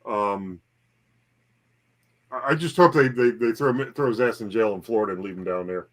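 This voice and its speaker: A man chatting as a guest on a livestream, halting and repeating words, with dry humor. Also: fairly low pitch. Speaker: guest reseller. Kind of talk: casual livestream chat.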